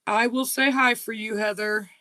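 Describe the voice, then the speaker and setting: A woman's voice: on the high side, steady tone, normal speed, sharp tone, dry recording. A woman with a slight Southern US accent hosting a casual livestream chat, reading and answering viewer comments aloud. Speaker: crochet channel host.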